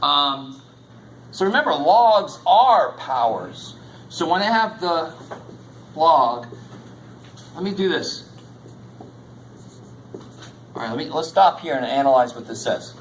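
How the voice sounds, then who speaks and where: A man's voice: on the high side, animated, slow, long pauses, a little hiss or hum, poor audio. A man teaching a college math class in a lecture, casual and jokey, swearing now and then. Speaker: math instructor.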